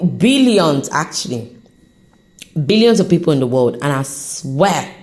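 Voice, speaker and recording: A woman hosting an unscripted motivational podcast, talking off the cuff in an encouraging, animated way, with an accent she says shifts as she goes. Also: sits low. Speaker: podcast host.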